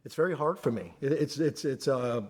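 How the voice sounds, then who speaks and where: A man's voice: mid-range voice, brisk, a little mellow. A man speaking earnestly as a guest in an interview, often restarting his sentences as he searches for words. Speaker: podcast guest. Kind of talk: candid conversational interview.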